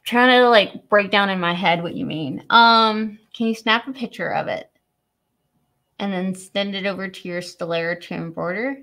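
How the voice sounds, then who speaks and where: A woman's voice: mid-range voice, moderate pace, a bit bright. A young woman hosting a live product stream, chatting casually, reading viewer questions aloud and laughing often. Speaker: host of a live product demo.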